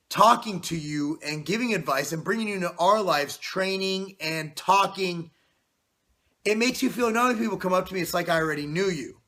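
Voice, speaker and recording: A man in his forties talks straight to camera from his basement in a high, bright voice. He is loud and passionate, slightly out of breath and stuffy-nosed. He leans on "you know" and swears casually. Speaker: fitness channel host. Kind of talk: casual vlog talk to camera. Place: home basement.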